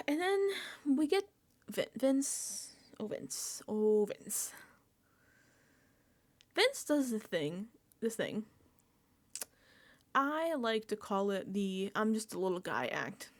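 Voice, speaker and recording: Animated, lively-voiced young woman vlogger. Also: mid-range voice, drawn-out words, pauses often. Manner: animated, laughing, exasperated asides. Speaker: reality TV recap vlogger. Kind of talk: casual reaction commentary.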